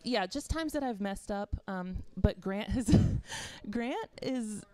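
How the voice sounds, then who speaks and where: A woman's voice: mid-range voice, animated, slow pace, a little mellow. A woman from Florida with a faint Southern accent, a backstage interviewer giving rambling, chatty answers full of fillers. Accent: faint Southern American.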